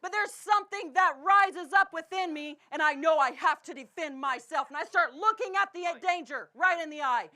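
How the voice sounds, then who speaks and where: A woman with a Canadian accent preaching a sermon in a church, swinging between impassioned shouting and a hushed, low delivery. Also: normal speed, few pauses. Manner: impassioned preaching, often shouting, then dropping to a hush. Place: church sanctuary.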